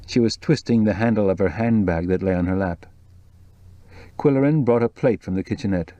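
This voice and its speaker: Man reading an audiobook, mellow dark voice, steady pace. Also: on the low side, a little fast, dry recording. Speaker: audiobook narrator. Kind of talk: scripted narration.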